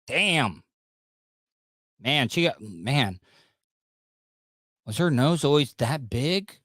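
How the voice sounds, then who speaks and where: A man's voice: mid-range voice, lively intonation, drawn-out words, fairly bright tone, no room sound. Male podcast host, wisecracking and mocking, dry room. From Southern US. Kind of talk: casual commentary on news clips.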